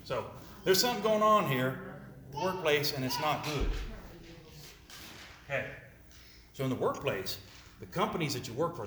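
A man's voice: fairly high pitch, sing-song, normal speed, long pauses, fairly bright tone. Male presenter, interactive talk, quizzes the room, echoey hall, faint hiss. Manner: asks audience questions, repeats words, jokey asides. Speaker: speaker presenting to an audience. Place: room with a live audience. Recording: roomy with faint noise.

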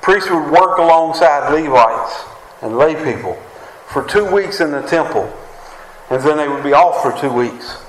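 West Virginian preacher calling out "Amen?". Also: male voice, a little high, animated, measured pace, slight background noise. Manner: preaching with frequent "Amen?" calls to the congregation. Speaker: pastor. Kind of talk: sermon. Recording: echoey room with faint ambience.

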